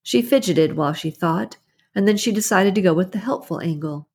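Husky, low-voiced woman narrating a story. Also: brisk, a little mellow. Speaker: audiobook narrator. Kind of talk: scripted narration.

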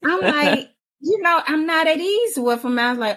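A woman in her forties telling stories in a casual chat, animated and often laughing. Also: sits high, moderate pace. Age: 40s. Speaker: panelist.

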